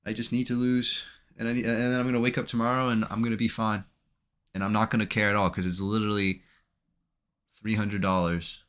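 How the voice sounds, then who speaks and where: Anxious low-voiced man narrating trades. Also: flat delivery, fairly quick, a bit bright. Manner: anxious, emotional self-talk. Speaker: day trader streaming his trading. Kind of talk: live trading commentary.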